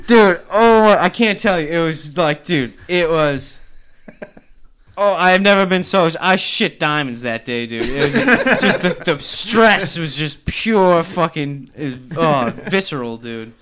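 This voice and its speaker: A man telling a story in casual chat, animated and crude, saying dude constantly. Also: on the high side, a little slow, a little hiss or hum. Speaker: podcast guest telling a story.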